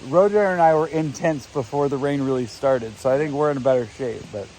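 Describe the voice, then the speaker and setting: A man's voice: mid-range voice, a little fast, darkish tone, a little hiss or hum, poor audio. A man casually vlogging to a handheld camera at a damp outdoor campsite, chatty and tired from hiking. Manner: chatty, upbeat, laughs easily. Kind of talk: casual trail vlog to camera.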